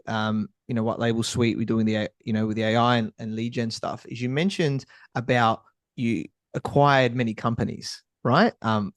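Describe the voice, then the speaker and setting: A man's voice: mid-range voice, no echo. A man hosting a business podcast, praising his guest in an enthusiastic, rambling way with many fillers before he asks a question. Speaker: podcast host. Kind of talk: casual interview.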